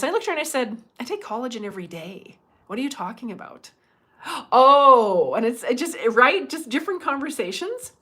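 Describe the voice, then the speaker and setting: A woman's voice: a little high, expressive, brisk, fairly bright tone. A middle-aged woman from Canada chatting on her own livestream as a medium. She chats freely, acts out what other people said and laughs often. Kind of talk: casual livestream chat.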